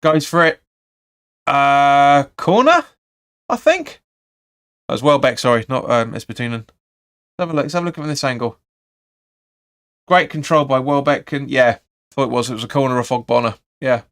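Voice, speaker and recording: A man at a middling pitch hosts a live football watch-along, rattling off play-by-play in a clear, rounded voice. He reads out viewer comments and answers them with blunt opinions. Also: fairly quick, pauses often, a bit bright. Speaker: fan channel host.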